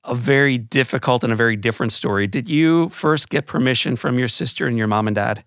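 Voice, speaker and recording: A man's voice: mid-range voice, a little fast, fairly bright tone, no echo, studio quality. A man hosting an interview, curious and asking thoughtful questions. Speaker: interview host. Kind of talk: interview conversation.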